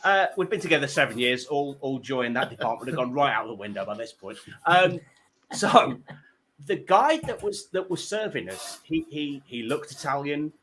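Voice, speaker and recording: Animated, bright-voiced male comedy host. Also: medium pitch, normal speed, a little hiss or hum. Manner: animated comic storytelling, self-mocking. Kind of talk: hosting a comedy panel show, telling stories.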